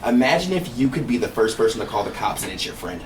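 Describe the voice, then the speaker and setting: A man with an American accent co-hosting a casual podcast chat, telling profane stories with animated quotes. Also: mid-range voice, recorded from a distance. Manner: fast, profane storytelling with animated put-on quotes. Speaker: podcast co-host. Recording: roomy echo, off-mic, faint hiss.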